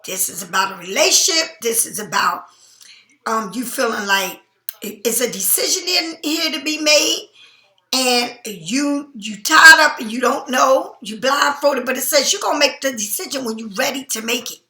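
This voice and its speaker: A woman's voice: a little high, lively intonation, moderate pace, bright, forceful tone, roomy sound. Blunt, sleepy woman tarot reader. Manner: blunt, emphatic, swears freely. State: sleepy, yawning. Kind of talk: casual tarot reading to viewers.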